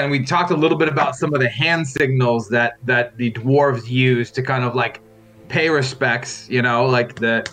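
A man's voice: mid-range voice, pushed and bright. A man playing in a tabletop role-playing game, rambling and searching for words as he explains a custom. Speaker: player. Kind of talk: tabletop role-play chat.

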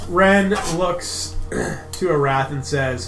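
A man's voice: on the high side, drawn-out words, pauses often, reverberant, music in the background. A man playing a tabletop game, asking wry joking questions. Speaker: player. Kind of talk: tabletop role-play.

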